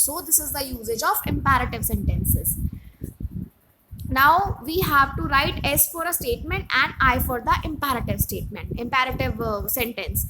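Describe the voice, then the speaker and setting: A woman with an Indian English accent teaching a grammar lesson to children, reading example sentences aloud and explaining them slowly. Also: high voice, fairly bright tone, a little hiss or hum, poor audio.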